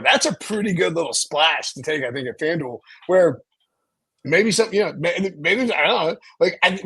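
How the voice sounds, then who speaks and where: Man, host, husky tone, loose rambling sports chat. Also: fairly high pitch, a bit bright. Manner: rambling, lots of restarts and fillers. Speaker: podcast host.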